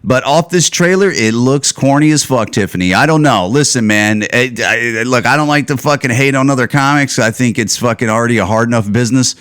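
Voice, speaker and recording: A man hosting his own podcast, ranting casually and sarcastically with plenty of swearing and loud, higher outbursts when he gets worked up. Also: fairly quick, hardly any pauses. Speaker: podcast host. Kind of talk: casual solo podcast rant.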